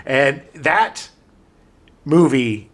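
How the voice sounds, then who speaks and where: Man, middle-aged, podcast co-host, riffing, animated pitch. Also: very slow. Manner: riffing, mock voices in quotes. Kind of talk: casual chat.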